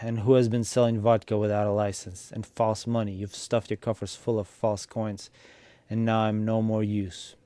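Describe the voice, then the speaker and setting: A man's voice: fairly low pitch, little pitch movement, normal speed, no echo, natural voice. A man reading aloud, voicing a furious, bitter young peasant daughter-in-law who bawls at her family. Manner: shouting, bitter.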